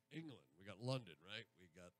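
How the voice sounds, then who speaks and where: A man's voice: lowish voice, animated, normal speed, fairly bright tone, dry recording. A man hosting a radio show, chatting casually in a rambling, jokey way. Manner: rambling, jokey, breaks into silly accents.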